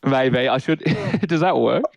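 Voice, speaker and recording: A man's voice: mid-range voice, slow pace, vocal fry, dry recording. Laid-back young man, dry close mic. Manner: laid-back, rambling, laughs often, swears. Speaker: podcast co-host. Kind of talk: casual chat.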